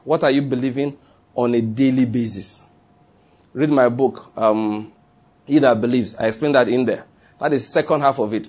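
Speaking with a medium-pitched, darkish voice, a pastor delivers a sermon conversationally. He keeps repeating his key phrases and puts questions to the congregation.

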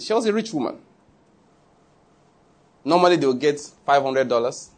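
A man preaching a sermon through an animated story with side remarks. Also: on the high side, normal speed.

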